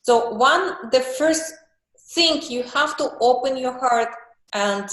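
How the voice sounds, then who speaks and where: Slow, earnest woman coach in an echoey room. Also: sits high, fairly bright tone. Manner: slow, earnest, acts out emotions in little voiced monologues. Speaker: group call coach. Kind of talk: coaching talk on a group call. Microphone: video call.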